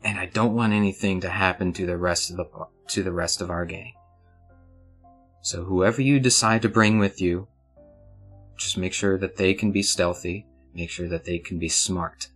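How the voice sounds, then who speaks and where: A man's voice: low voice, fairly even intonation, normal speed, fairly bright tone, slightly rough, faint music behind. A man voicing a serious woman gang leader who gives orders in a businesslike way, with hesitant restarts.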